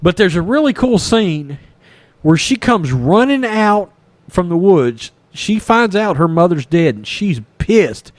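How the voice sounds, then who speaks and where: His voice sits high and unhurried on a dry recording: a man from East Texas hosting a podcast and reviewing a film. He retells the plot casually and at length, swearing freely and acting out what the characters say with lively energy.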